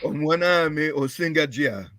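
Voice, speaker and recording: A man in a language class, slowly reading out practice sentences. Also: a little high, animated, fairly bright tone, dry recording. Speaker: student.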